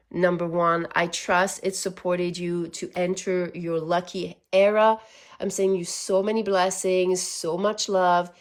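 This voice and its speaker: A woman giving a casual spiritual tarot reading, earnest and easily moved, laughing at times. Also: fairly low pitch. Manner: earnest, gets emotional, laughs. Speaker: tarot reader.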